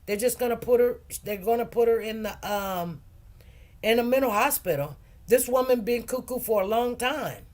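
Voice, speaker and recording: A woman with a somewhat high voice chats casually on a livestream. She rambles and loops back over her points in loose, informal grammar. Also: moderate pace, darkish tone. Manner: chatty, rambling, repeats phrases. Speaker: livestream host and food truck owner.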